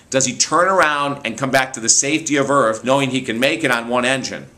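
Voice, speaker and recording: Guy telling funny stories, really bright voice, animated and laughing a lot. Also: mid-range voice. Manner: animated, amused, laughs often. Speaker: motivational speaker and author. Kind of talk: storytelling monologue.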